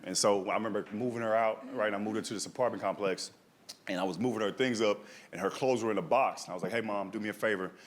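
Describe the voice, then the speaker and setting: A man's voice: lowish voice, fast. A male stand-up comedian telling a story to a live audience in a conversational way, often tagging lines with "right?". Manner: conversational, leans on "right?" and "dog". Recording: live show with audience noise.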